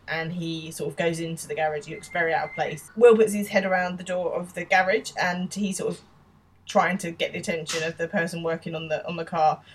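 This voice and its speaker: Woman, East London accent, podcast co-host, casual recap, slightly low pitch, faint background noise. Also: level tone, fairly quick, poor audio. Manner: chatty, restarts sentences, laughs often.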